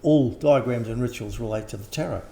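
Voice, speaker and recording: Older man, gravelly, dark tone, rambling interview talk, faint background hiss. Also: medium pitch, fairly quick. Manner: rambling, frequent restarts and throat clearing. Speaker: interviewed teacher. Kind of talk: casual conversation.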